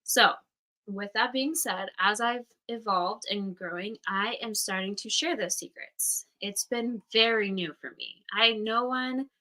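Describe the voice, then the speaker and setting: An unhurried, sharp-toned woman with a medium-pitched voice leads a casual livestream astrology class, recorded in low quality. She's in her thirties, from Utah, United States, and keeps it candid and chatty with blunt swearing and acted-out quoted voices.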